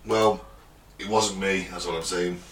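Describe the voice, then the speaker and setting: Bright-voiced jokey English man, echoey room. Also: sits low, steady tone, a little slow, slight background noise. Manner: laughing, jokey, swearing. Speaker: podcast co-host. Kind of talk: casual banter, reading news stories. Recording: echoey room, mic at a distance.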